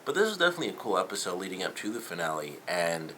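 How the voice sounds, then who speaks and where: A man's voice: sits low, sing-song, very fast, fairly bright tone, a little hiss or hum, rough recording. A young man talking casually through a TV episode review, rambling with many fillers and loosely quoting the characters. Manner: rambling, lots of fillers and paraphrased quotes.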